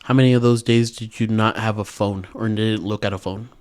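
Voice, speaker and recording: A young man in casual podcast chat, blunt and profane, thinking out loud as he talks. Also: fairly low pitch, fairly even intonation, fairly quick.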